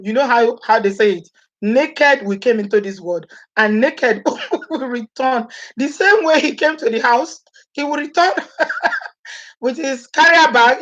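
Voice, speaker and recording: A woman's somewhat high voice comes through with the highs cut off. She's a vlogger from Nigeria with a Nigerian accent, chatting animatedly to live viewers, frequently laughing and acting out what people say.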